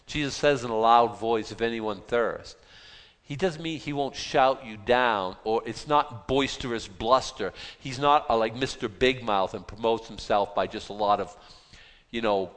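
A man's voice: mid-range voice, a bit bright. A man preaching an informal Bible study, reading verses aloud and adding chatty, folksy asides. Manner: conversational, reads scripture aloud, folksy asides. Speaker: pastor. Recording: long hall reverb.

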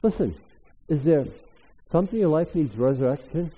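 An older man preaching a sermon as pastor, emphatic and animated, rising suddenly to loud exclamations. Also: a little high, fairly quick, husky. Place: church hall. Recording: echoey hall, tinny phone-like sound.

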